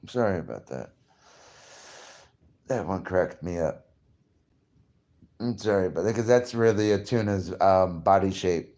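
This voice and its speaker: A man's voice: low-pitched, measured pace, pauses often, mellow. A tipsy man rambling in a profane, boastful way and laughing at himself as he mixes fish science with street slang. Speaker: fishing vlogger. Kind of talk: casual rambling monologue.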